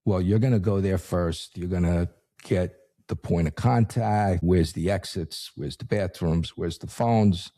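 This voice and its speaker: Gravelly deep-voiced former cop. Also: male voice, a little slow, warm tone. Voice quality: gravelly low voice. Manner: wry, anecdotal delivery. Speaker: former law enforcement officer. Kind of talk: storytelling interview.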